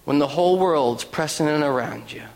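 A man preaching a sermon, swinging from hushed lines to sudden high, excited bursts as he acts out frightened people. His voice sits a little high for a man. The sound carries a long reverb from a large hall. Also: moderate pace, vocal fry. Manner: animated, voices the crowd's panic in quotes. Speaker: pastor.

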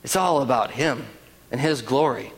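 A man preaching a sermon as pastor, animated, with rhetorical questions and quoted voices. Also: mid-range voice, normal speed, creaky, breathy edge. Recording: long reverb of a large hall.

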